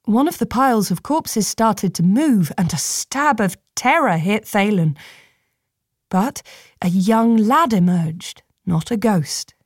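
A woman reads a fantasy story aloud in a measured, steady way. Her voice sits at a middle pitch and sounds close and dry, with no room around it. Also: husky, dry recording. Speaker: narrator. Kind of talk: audiobook narration.

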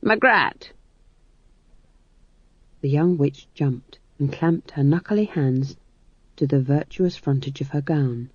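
Low, unhurried woman narrating a story. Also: dark tone, breathy edge, dry recording. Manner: measured storytelling. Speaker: audiobook narrator. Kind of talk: scripted narration. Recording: dull dry studio read.

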